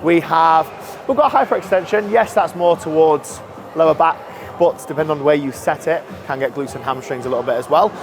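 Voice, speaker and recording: A man's voice: on the high side, a little fast, vocal fry. Chatty man touring a noisy gym. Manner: chatty, informal, self-deprecating. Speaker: gym staff giving a tour. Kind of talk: casual walkthrough explanation. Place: large indoor gym.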